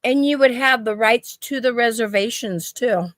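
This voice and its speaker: A woman's voice: fairly high pitch, moderate pace, no echo. A woman in her fifties, co-hosting a stream and telling rambling stories with frequent laughs. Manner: rambling storyteller, laughs often. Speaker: stream co-host. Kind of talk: casual chat.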